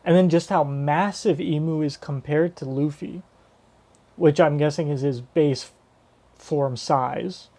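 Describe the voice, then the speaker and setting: Mellow-voiced man riffing on a manga chapter. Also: fairly high pitch, steady tone, takes it slowly. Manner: rambling, swears casually, thinks aloud. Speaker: manga reaction streamer. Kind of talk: casual live reaction commentary.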